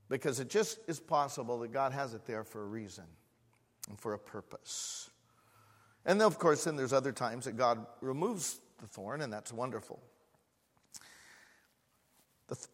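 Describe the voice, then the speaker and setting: A man preaching a sermon as a pastor, swinging from loud, emphatic repeated words to hushed, quiet asides. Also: medium pitch. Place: church hall. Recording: long hall reverb in a church.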